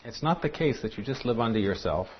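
A male preacher delivering a sermon with animated emphasis. He has a mid-pitched voice, and the recording is dull and lo-fi with faint noise behind. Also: quick pace.

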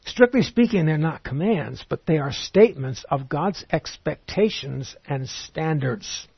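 A man giving an expository Bible teaching in a measured, explanatory way, reading scripture aloud as he goes. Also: a little high, lively intonation, slightly rough, no room sound, dull audio.

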